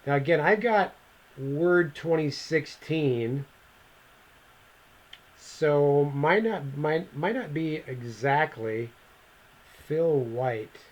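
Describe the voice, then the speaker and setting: A man teaching a computer class, thinking aloud as he clicks through each step of a screen-recorded software lesson. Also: a little high, very slow, long pauses, rough recording.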